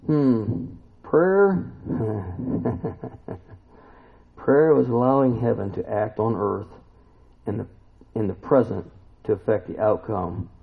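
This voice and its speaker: A man preaching a sermon, emphatic and full of rhetorical questions, now and then climbing to loud exclamations. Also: lowish voice, vocal fry, husky. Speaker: pastor. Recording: tinny phone-like recording.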